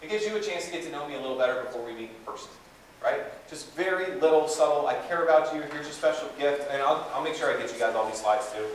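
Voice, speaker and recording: A man giving a live seminar talk to an audience in a conference room, energetic and conversational with plenty of fillers and asides. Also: a little high, fast talker. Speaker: guest speaker. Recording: echoey room from far off, faint hiss.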